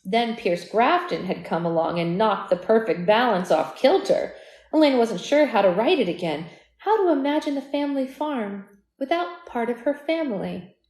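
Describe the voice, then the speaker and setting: A woman hosting a live read-aloud of a novel, reading at a steady pace and breaking off for quick chatty asides and corrections. Her voice sits fairly high. The sound carries a roomy echo. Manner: reads steadily, breaks off to chat and correct herself. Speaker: book club host.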